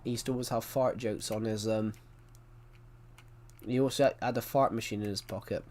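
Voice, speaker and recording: A man's voice: on the low side, steady tone, normal speed, darkish tone. A man livestreaming a game, telling stories in a rambling casual chat and often correcting himself mid-sentence. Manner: rambling storyteller, frequent self-corrections.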